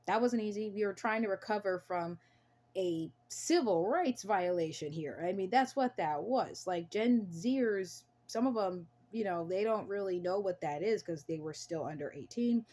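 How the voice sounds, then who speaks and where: A woman's voice: mid-range voice, moderate pace, mellow. A young American woman talking to camera on her own channel, earnest and emphatic, often repeating herself for emphasis. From United States. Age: young adult. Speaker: channel host. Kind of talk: casual to-camera talk.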